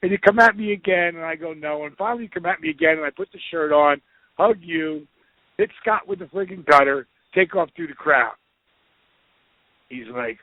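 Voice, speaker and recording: Man, middle-aged, fairly high voice, swears a lot, acts out quotes, tinny phone-like sound, dry. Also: moderate pace, no echo. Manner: profane, animated, acts out quotes. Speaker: podcast guest. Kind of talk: casual storytelling.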